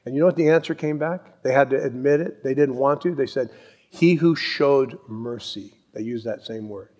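A man preaching a sermon, telling Bible stories with animated acted-out voices. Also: medium pitch, moderate pace. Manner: animated storytelling, acts out voices and yells. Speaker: pastor.

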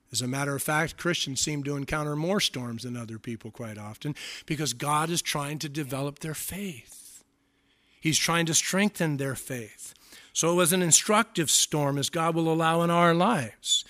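Male pastor, crisp bright tone, lively sermon with acted-out voices. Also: on the high side, unhurried. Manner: animated preaching, acts out voices, swings from hushed to loud.

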